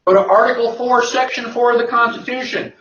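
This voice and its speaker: A man's voice: very high-pitched, steady tone, fairly quick, a bit bright, slight background noise. A man giving an emphatic lecture to an audience, firing rhetorical questions and answering them himself. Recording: echoey, distant, dull lo-fi.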